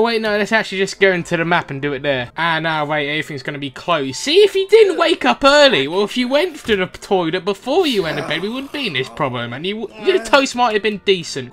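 Young guy doing game commentary, teasing and jumpy, voice all over the place, game music in the background. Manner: chatty, teasing, prone to sudden excited pitch jumps. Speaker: gaming channel host.

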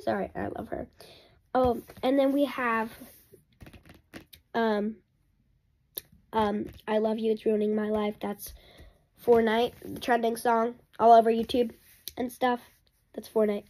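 A woman vlogger talking in a rambling, excitable and apologetic way during a casual unboxing. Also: a little high, normal speed, pauses often.

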